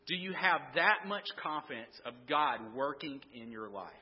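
A man's voice: a little high, moderate pace, few pauses, lo-fi sound. A man preaching a conversational sermon, asking the congregation questions and often restarting his sentences. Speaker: pastor.

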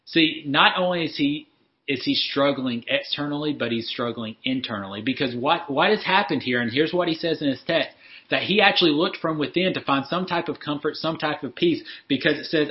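A man's voice: fairly high pitch, fairly quick, muffled recording. A man preaching a sermon in an earnest way, often repeating words as he restarts and lifting his voice when he acts out a prayer. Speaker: pastor.

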